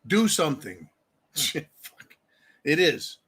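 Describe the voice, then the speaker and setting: A man's voice: on the high side, big pitch swings, slow pace, a bit bright, husky. Profane, angry man ranting. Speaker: host. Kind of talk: profane political rant.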